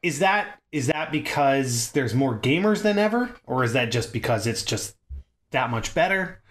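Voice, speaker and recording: A man co-hosting a gaming podcast in casual chat, talking in an animated way, swearing freely and laughing often. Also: mid-range voice, moderate pace. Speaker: podcast co-host.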